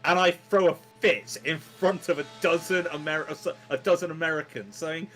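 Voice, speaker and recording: A fairly high-pitched English man speaks at normal speed, commentating a long motor race over loud race-car sound. In casual co-commentary, he's chatty and laughs as he tells stories between updates.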